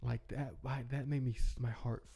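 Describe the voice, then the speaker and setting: A man's voice: medium pitch, steady tone, moderate pace, creaky, warm tone, slightly rough. A young man talking in a rambling, heartfelt way, chatting casually as a podcast host. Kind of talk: casual reflective chat.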